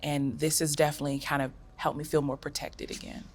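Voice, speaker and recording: A woman's voice: deep voice, level tone, fast, a little hiss or hum. A woman guest on a panel, speaking frankly and conversationally. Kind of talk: panel discussion.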